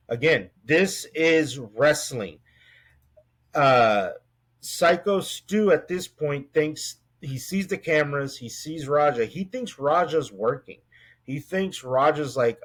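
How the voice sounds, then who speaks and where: Dude on a podcast rambling through a news story, normal pitch, swears a lot. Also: male voice. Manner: rambling storyteller, retells events with quoted voices and swearing. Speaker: podcast co-host. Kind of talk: casual news-roundup chat.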